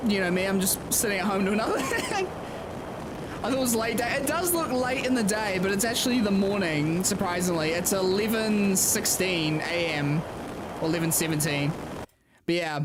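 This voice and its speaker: A woman's voice: medium pitch, lively intonation, moderate pace, noisy background. Young woman, livestream chat, chatty, laughs often, filler words. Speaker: racing driver VTuber streamer. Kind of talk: casual livestream chat with viewers.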